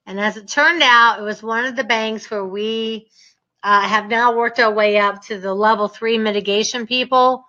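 A woman teaching a real estate seminar, telling stories in an emphatic, energetic way with lots of repetition. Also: on the high side, moderate pace, dull audio.

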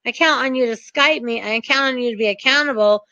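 A woman with a bright, high voice gives a motivational coaching talk to her students. She speaks earnestly and hammers home her points by repeating them. The sound is dry and a little dull. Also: fairly quick, no echo. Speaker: real estate investing coach.

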